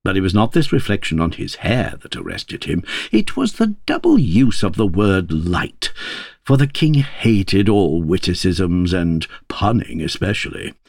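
Deep, lively male storybook narrator. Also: measured pace, no echo, studio quality. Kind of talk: storybook read-aloud.

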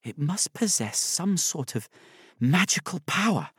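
A man doing a startled squeaky young boy. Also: very animated, unhurried, fairly bright tone, slightly rough, no echo, studio quality, full character voice.

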